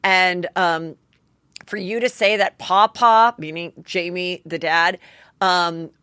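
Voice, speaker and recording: A woman's voice: lowish voice, fairly even intonation, slow, pushed and bright, clear, resonant tone, no room sound. Chatty woman host, candid and dry-voiced. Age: 40s. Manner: chatty and candid, swears freely, acts out quotes. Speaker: podcast host. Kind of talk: solo gossip podcast monologue.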